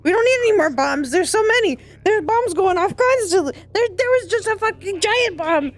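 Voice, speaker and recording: A woman's voice: extremely high pitch, expressive, moderate pace. A woman streamer in casual game-stream chat, talking in a dramatic, playfully panicked way.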